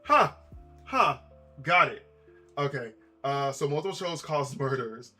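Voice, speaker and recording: A man's voice: on the high side, expressive, measured pace, pushed and bright, faint music behind. A man chatting casually on a live stream, rambling with lots of repeats and asides to his chat.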